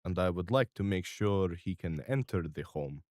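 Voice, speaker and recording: A man's voice: deep voice, lively intonation, normal speed, darkish tone, no room sound, studio quality. A man doing a courteous one-eyed henchman.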